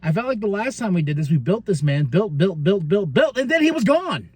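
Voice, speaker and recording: A man hosting a podcast, recapping wrestling in a casual monologue, laughing often and slipping into quick mock voices when he quotes people. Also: sits high, sing-song, a little mellow, breathy edge, no room sound. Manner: laughs often, stumbles and restarts.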